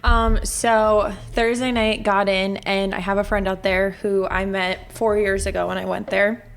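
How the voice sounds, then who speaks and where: A woman's voice: mid-range voice, flat delivery, a little slow, vocal fry. A woman co-hosting a podcast, telling stories in a rambling, chatty way. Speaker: podcast co-host. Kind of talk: casual chat.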